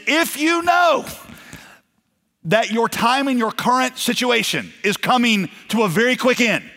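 A man's voice: on the high side, pushed and bright. A man preaching a sermon in a conversational way, acting out the quoted voices of his stories. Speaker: pastor. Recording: long hall reverb.

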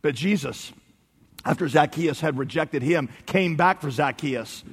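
A man preaching a sermon, swinging between soft low emphasis and loud, high outbursts. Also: a little slow, slightly rough, long reverb tail. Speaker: pastor.

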